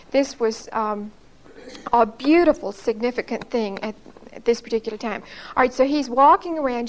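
A woman's voice: high voice, low-quality recording. A middle-aged woman teaching a Bible study lesson in a church, explaining earnestly and asking her listeners to recall past lessons.

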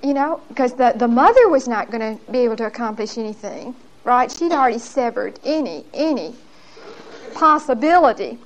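A woman's voice: a little high, moderate pace, a little hiss or hum, poor audio. A woman giving a Bible lesson. She tells her stories in an emphatic, folksy way and often laughs as she talks. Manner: lively, laughs often while telling stories. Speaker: Bible teacher.

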